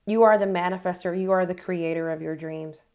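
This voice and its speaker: Lower-voiced woman giving an emotional tarot reading. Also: steady tone, a little fast, a little mellow. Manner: earnest, emotional, encouraging; gives affirmations straight to her viewers. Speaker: tarot reader. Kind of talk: tarot card reading to camera.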